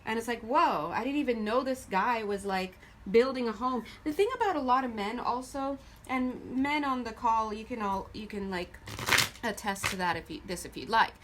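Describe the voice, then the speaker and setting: A woman giving a casual tarot reading to her viewers. She is chatty and animated, often laughing as she goes. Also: fairly high pitch, moderate pace, a little hiss or hum. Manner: addresses viewers directly. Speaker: tarot reader.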